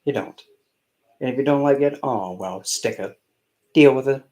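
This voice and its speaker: A man's voice: medium pitch, normal speed, a little mellow, poor audio. A man channeling a spirit on a live stream, talking in a sassy, scolding way and calling listeners honey.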